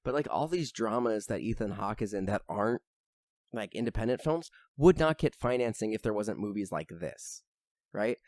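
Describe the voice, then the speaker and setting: A young man talks casually on a podcast with a lowish voice, rambling through fillers and the odd curse. He gets heated as he goes. The sound is close and dry, with no room around it. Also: lively intonation, moderate pace, darkish tone, no echo. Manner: rambling, full of fillers and swearing, gets worked up. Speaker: podcast host. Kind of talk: casual chat.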